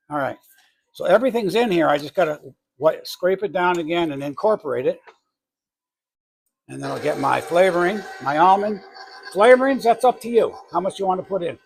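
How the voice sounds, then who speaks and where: There's a faint hiss or hum behind this creaky, fairly high male voice. It belongs to a middle-aged New England man, accent and all, who hosts a home baking channel and casually demonstrates a cake in his kitchen, wandering off with chatty asides and correcting himself.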